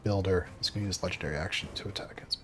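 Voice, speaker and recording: A man's voice: low voice, racing, over music. A man running a tabletop game as game master, narrating the fight in vivid, descriptive detail.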